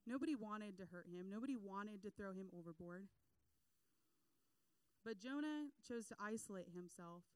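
A young adult woman giving a casual sermon, animated, acting out quotes and laughing between points. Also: mid-range voice, normal speed, long pauses, clear, resonant tone, no echo, poor audio.

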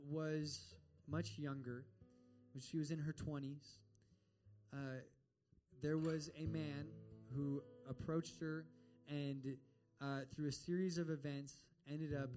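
A man's voice: a little high, steady tone, slow pace, mellow, faint music behind. A man preaching a sermon and telling a story in an earnest way, acting out the voices of the people in it. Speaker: pastor.

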